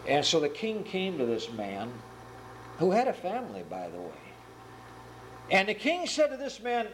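A man preaching a sermon and retelling a parable with earnest, animated storytelling. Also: high-pitched, moderate pace, pauses often, slight background noise, poor audio.

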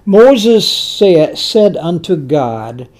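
A preacher delivering a sermon, emphatic and animated, repeating key words and restarting phrases as the story builds. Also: mid-range voice, very slow.

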